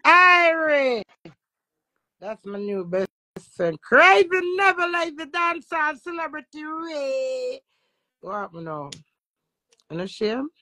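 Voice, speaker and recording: A woman with a Jamaican accent, a social media influencer, talking loudly and boastfully in casual patois and swearing freely. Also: high voice, big pitch swings, measured pace, no room sound. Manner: loud, profane and boastful. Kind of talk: brash casual talk in patois.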